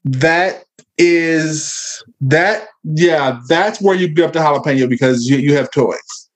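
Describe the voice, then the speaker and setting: Speaking slowly in a slightly high voice, a man rambles on a casual discussion panel. He repeats words while hunting for the right ones and judges things playfully.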